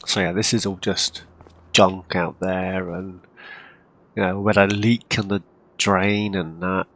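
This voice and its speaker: A man casually commenting on his farming game, rambling with lots of ums and throat-clearing, hiccuping and coughing now and then. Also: sits low, flat delivery, unhurried, fairly bright tone, a little hiss or hum. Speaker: farming game role-play channel host.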